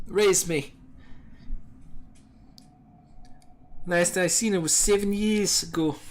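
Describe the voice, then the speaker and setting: Man playing a scrappy urchin lad, cocky, slangy, slipping Scottish, highish voice. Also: a little hiss or hum. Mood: wary. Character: scrappy young male prison street urchin.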